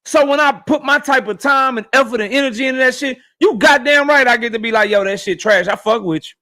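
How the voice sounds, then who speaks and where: A man with a high voice holds forth on his livestream, and his talk is profane and animated. He addresses his chat directly in a loose, casual rant. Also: fast talker. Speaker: boxing YouTube host.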